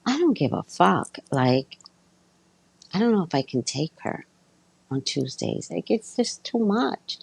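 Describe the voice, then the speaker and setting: A woman with a low, gravelly, husky voice tells a story at an unhurried pace. Her pitch swings widely as she talks, and she swears freely in a blunt, animated way. The sound is dry and close. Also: dry recording, low-quality recording. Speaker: vlogger. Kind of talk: casual storytelling monologue.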